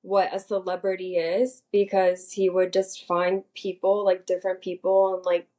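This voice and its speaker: A woman's voice: on the low side, level tone, moderate pace, a little mellow. A woman co-hosting a casual podcast with friends, chatting loosely and filling her sentences with "like". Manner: chatty, heavy on "like". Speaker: podcast co-host. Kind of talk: casual chat among friends.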